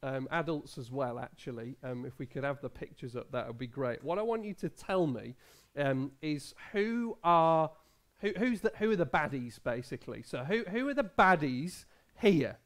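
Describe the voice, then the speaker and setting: This thirty-something pastor has a fairly high, expressive voice and talks at a normal speed. He runs a lighthearted quiz for the kids at a family service in the church hall, laughing and starting over many times.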